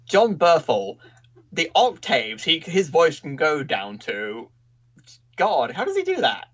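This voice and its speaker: A man co-hosting a casual review podcast, easygoing and a little hesitant, quick to laugh. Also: fairly high pitch, huge pitch swings, fairly bright tone. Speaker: podcast co-host. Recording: dull lo-fi recording.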